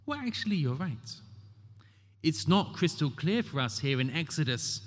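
A man's voice: mid-range voice, a little mellow. A man preaching a sermon, emphatic and rhetorical, asking the congregation questions and dramatically quoting scripture. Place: church. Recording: long reverb of a large hall.

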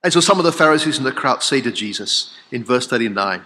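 A man preaching a sermon, swinging from loud exclamations to hushed, solemn lines. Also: medium pitch, expressive, fast. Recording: long hall reverb.

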